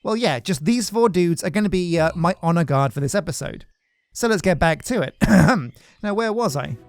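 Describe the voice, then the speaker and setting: A man's voice: on the high side, lively intonation, normal speed. A man hosting a gaming video, giving casual gameplay commentary in a joking, rambling, self-mocking way. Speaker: gaming channel host.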